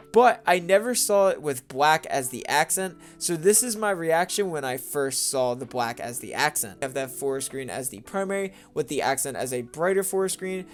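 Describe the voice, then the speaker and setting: Upbeat young man with faint music. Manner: enthusiastic, bouncy pitch jumps. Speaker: gaming channel host. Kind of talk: casual game commentary voice-over.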